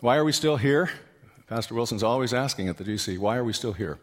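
A male pastor preaching a sermon, telling stories and asking the congregation questions, with loud animated peaks. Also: medium pitch, quick pace. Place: church hall. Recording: long hall reverb.

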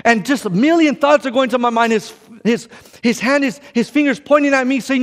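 A man with a notably high voice preaches in a church sanctuary, and his words ring out in a long reverb. He tells stories with drama and swings between loud passages and hushed ones. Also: a little fast. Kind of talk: sermon.

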